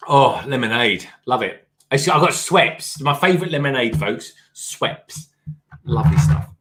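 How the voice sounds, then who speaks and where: A man's voice: medium pitch, animated, normal speed, fairly bright tone. A man co-hosting a casual building livestream, chatty, stumbling over restarts and calling viewers folks. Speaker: co-host guest. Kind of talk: casual chat while building.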